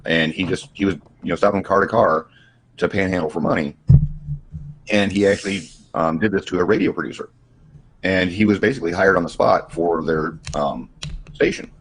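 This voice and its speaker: A man on a casual livestream call who talks with a slight stutter and halting restarts. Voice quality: husky, deep, smooth voice. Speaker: guest.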